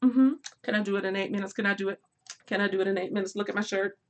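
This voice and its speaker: A woman's voice: mid-range voice, fairly even intonation, racing, soft background music. A young woman hosting a book live stream, talking casually to her viewers, laughing often as she reads out their comments. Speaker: booktube live stream host.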